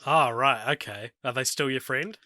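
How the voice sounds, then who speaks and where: Male podcast co-host, wry casual banter, bright voice, dry sound. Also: medium pitch, normal speed, no room sound. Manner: wry, joking, reads out from notes. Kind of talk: casual chat.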